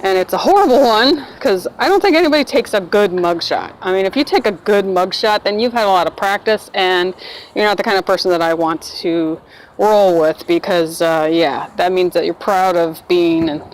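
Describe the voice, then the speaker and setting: A woman's voice: mid-range voice, moderate pace, a little hiss or hum, low-quality recording. A woman, telling her own story in a casual, rambling vlog monologue and acting out the voices of people she quotes.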